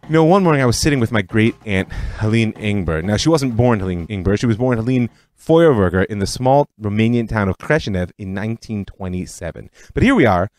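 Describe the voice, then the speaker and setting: A man narrates a history podcast in a scripted storytelling style. His voice sits on the low side but moves a lot in pitch. The recording is dry and close. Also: dry recording. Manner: storytelling, lively delivery. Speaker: podcast host.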